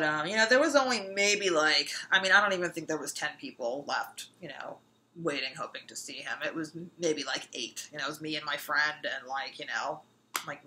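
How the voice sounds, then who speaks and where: A woman's voice: low voice, bright, forceful tone, a little hiss or hum, low-quality recording. A woman in her thirties telling a personal anecdote casually, rambling and full of fillers. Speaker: storyteller.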